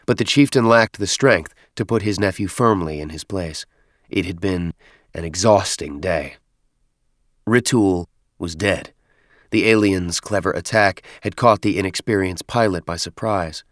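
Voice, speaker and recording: Deep male narrator, measured dramatic read, close dry studio sound. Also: no room sound. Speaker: audiobook narrator. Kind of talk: scripted narration.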